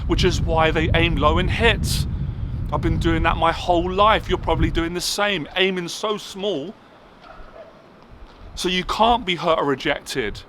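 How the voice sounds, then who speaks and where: Man, motivational speaker, emphatic repetitive delivery, slightly high voice, outdoors with clear traffic noise. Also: unhurried. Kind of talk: impassioned motivational monologue. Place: outdoors on a city rooftop.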